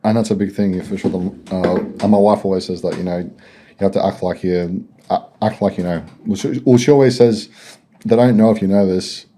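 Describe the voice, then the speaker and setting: A man hosts a podcast in a casual chat, speaking hesitantly with many short agreeing replies. His voice is very deep and warm, with a dark, relaxed tone. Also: fairly quick. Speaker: podcast host.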